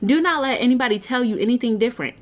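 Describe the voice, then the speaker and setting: Earnest woman doing a faith pep talk to camera, kinda high voice, preachy with lots of questions. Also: lively intonation, rapid-fire. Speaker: motivational speaker and nonprofit founder.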